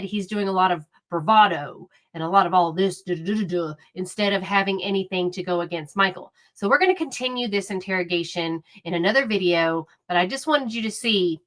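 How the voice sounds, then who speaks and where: A woman's voice: medium pitch, fairly bright tone. A woman giving casual true crime commentary, talking in an indignant, chatty way with many fillers and restarts.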